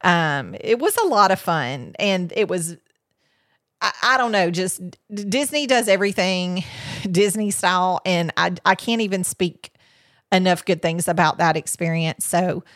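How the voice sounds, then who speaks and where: Chatty woman, low voice. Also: unhurried, a bit bright, no room sound, studio quality. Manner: rambling, many fillers and restarts. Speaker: podcast host. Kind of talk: casual chat about a vacation.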